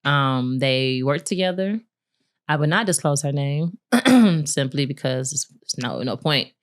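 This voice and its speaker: A woman's voice: deep voice, measured pace. A married woman co-hosting a podcast, candidly telling a personal story in casual chat and acting out what people said. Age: adult, married with a son. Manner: candid, animated retelling with laughs and acted-out quotes. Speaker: podcast co-host.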